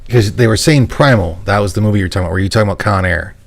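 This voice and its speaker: Gravelly low-voiced man hosting a chat. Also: very fast. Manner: blunt, swears casually. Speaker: podcast host. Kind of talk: casual chat.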